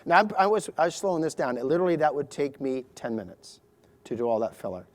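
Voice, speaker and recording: A man's voice: a little high, very animated, fast talker. A middle-aged man, a surgeon, narrating a live procedure demonstration to an audience, explaining each step with chatty, joking asides.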